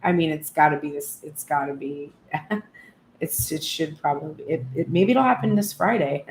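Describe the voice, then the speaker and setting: A woman's voice: low voice, moderate pace, echoey room, a little hiss or hum. A woman giving a casual tarot reading, chatty and self-mocking, swearing freely and acting out what people say. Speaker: tarot reader.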